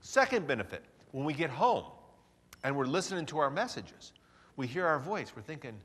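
A man's voice: fairly high pitch, big pitch swings, normal speed, fairly bright tone, husky. A man giving a motivational seminar talk in a large hotel hall, playful and theatrical. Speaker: seminar speaker. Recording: reverberant hall.

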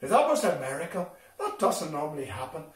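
Male assembly speaker, expressive storyteller for children; high-pitched, picked up from a distance in a big hall. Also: a little fast. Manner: animated and expressive, addressing children directly. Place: school hall. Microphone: distant from the recording mic. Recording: echoey hall from far off.

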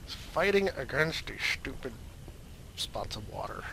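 A man's voice: medium pitch, sing-song, measured pace, gravelly, sharp tone, a little hiss or hum. A man hosting a gaming video, chatting casually and goofily as he plays, with rambling jokey asides. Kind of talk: casual gameplay commentary.

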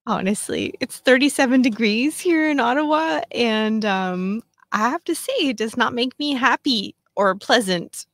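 A woman's voice: fairly high pitch, a little slow, few pauses, fairly bright tone, no echo. A woman in her fifties hosting a casual solo podcast chat, talking in a chatty, self-mocking way with lots of fillers. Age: 50s. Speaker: podcast host.

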